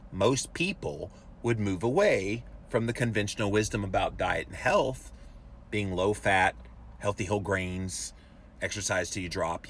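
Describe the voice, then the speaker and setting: A man with a fairly low voice hosts a live show, talking straight at his viewers with emphatic, preachy energy. A faint hiss sits under the recording. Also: fairly bright tone. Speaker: podcast host. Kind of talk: live-streamed rant reading viewer comments.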